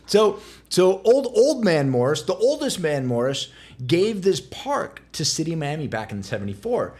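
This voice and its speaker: A man co-hosting a casual podcast chat, an animated storyteller who talks bluntly and swears freely. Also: fairly high pitch, moderate pace. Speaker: real estate agent co-host.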